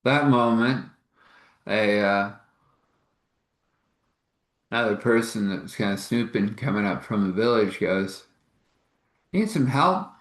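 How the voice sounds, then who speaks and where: A man's voice: on the low side, steady tone, unhurried, long pauses, roomy sound. A man telling a meandering improvised story, with laughs and restarts.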